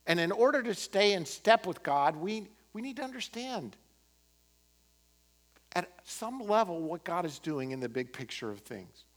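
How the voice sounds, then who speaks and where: A man preaching a sermon as pastor, impassioned, swinging from emphatic peaks to quiet, earnest moments. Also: high-pitched, big pitch swings, a little slow. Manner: impassioned, rising to emphatic peaks then dropping to quiet prayer.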